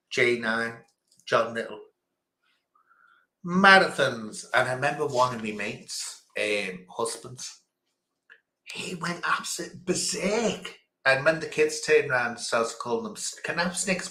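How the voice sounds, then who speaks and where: Rambly guy running a quiz, bright voice, echoey room. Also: mid-range voice. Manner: chatty, rambling, chuckling asides. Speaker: quiz host. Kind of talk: casual live-stream quiz chat.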